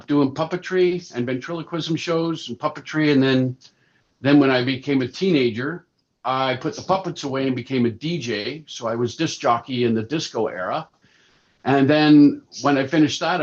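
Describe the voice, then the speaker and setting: A man in his sixties, a puppeteer and actor, chatting through animated anecdotes as a podcast guest. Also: mid-range voice. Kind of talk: casual interview storytelling. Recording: slightly dull lo-fi sound.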